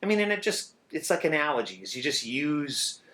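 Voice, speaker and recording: Middle-aged man, drummer, casual interview talk, animated, cursing, slightly higher voice. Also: normal speed. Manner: animated, swears freely, sings rhythms aloud.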